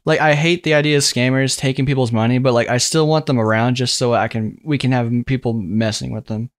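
A young man talks loosely as co-host of a casual podcast, cursing easily and laughing between stories. His voice sits at an ordinary pitch. The sound is dry and close, with no room around it. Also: fairly even intonation, quick pace, no echo. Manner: laid-back, swearing, laughing storyteller. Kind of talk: casual podcast chat over voice chat.

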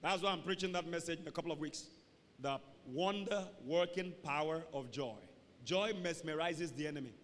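A male pastor preaching a call-and-response sermon, swinging between loud emphatic calls and low asides. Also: moderate pace. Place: church sanctuary. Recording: reverberant church hall, faint noise.

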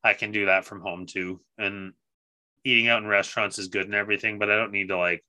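A man's voice: fairly low pitch, flat delivery, fast talker, bright, forceful tone, dry recording. A man in his thirties co-hosting a podcast, talking in a laid-back way, laughing often and swearing casually. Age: 30s. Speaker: podcast co-host.

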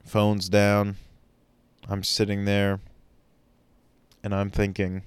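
A man with a low, smooth voice rambles through a comic monologue, ranting and throwing questions at the listener. It is recorded dry and close, with no room echo. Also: monotone, slow, pauses often. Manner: ranting, asks the audience questions, exaggerated.

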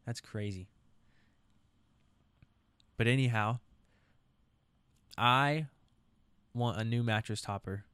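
Talking slowly with frequent pauses, this young podcast host chats alone from his camper in a rambling, joking style, dropping "dude" often. His mid-range voice is fairly bright and clean, recorded dry.

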